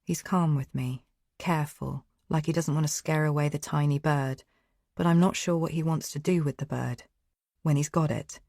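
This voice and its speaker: A woman narrates in first person with an anxious, tense edge. Her voice is low and sits close and dry. The telling is steady and unhurried. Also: vocal fry, no echo. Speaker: audiobook narrator.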